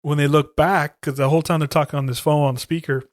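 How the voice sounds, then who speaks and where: A man in a laid-back podcast chat, talking through movie plots in easy street slang. His voice sits a little high for a man, and he drops into quiet mutters when he quotes characters. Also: fairly even intonation, fast talker, no echo. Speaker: podcast co-host. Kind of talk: casual profane chat.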